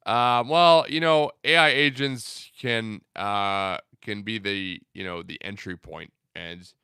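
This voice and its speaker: A man's voice: on the low side, bright, forceful tone, clear, resonant tone, no echo, clean studio sound. A young man hosting a casual livestream, reading out viewer comments in a loose, rambling way with many fillers. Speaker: livestream host.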